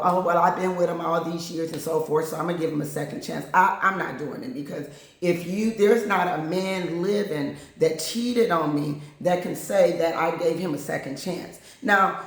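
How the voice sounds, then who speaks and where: A woman host telling a personal story in a candid, blunt, casual way, acting out what other people said. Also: on the low side. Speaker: channel host. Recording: very echoey room.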